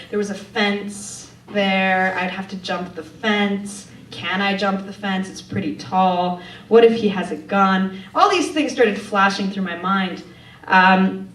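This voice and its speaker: A woman's voice: mid-range voice, a bit bright. A woman from Poland, telling a true story live on stage in a wry, conversational way, often laughing as she talks. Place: theater stage before an audience. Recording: echoey room, distant mic, faint ambience.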